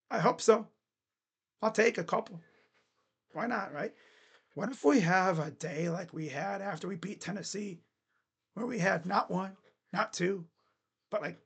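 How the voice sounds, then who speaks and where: A man hosting a casual sports recap vlog, hoarse with his voice nearly gone, talking like an excited, rowdy fan. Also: high-pitched. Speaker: sports fan channel host.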